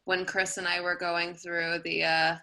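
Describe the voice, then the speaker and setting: Young woman, twenties, podcast guest, bubbly, self-mocking, bright tone. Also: on the low side, monotone, measured pace, creaky, poor audio. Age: 20s. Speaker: guest singer. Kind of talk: casual podcast chat. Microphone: remote call setup.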